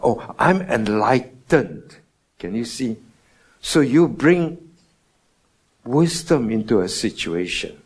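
A man preaching a morning sermon, stressing words with sudden loud and soft swings and asking his listeners questions. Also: medium pitch, sing-song, takes it slowly, long pauses, slightly rough. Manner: emphatic, rising and falling in loudness for stress; asks the congregation rhetorical questions.

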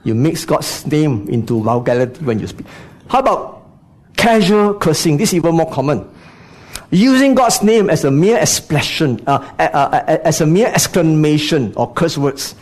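A man's voice: a little high, expressive, moderate pace, a little mellow. A man preaching a sermon, speaking to the congregation with frequent rhetorical questions and "you know" asides.

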